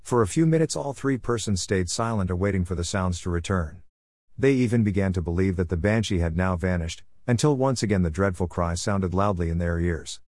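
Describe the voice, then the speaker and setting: A man reading a ghost story aloud in a measured, solemn narration style. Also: deep voice, animated, darkish tone, no room sound. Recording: dry close recording.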